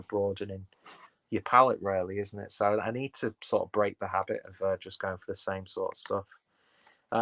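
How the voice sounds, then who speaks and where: A man with a fairly low voice chats in a loose, rambling way, full of fillers and restarts. The sound is close and dry, with little room around it. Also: fairly bright tone, no echo. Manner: rambling, filler-heavy, chatty. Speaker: beer vlogger reading live chat. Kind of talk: casual live-stream chat.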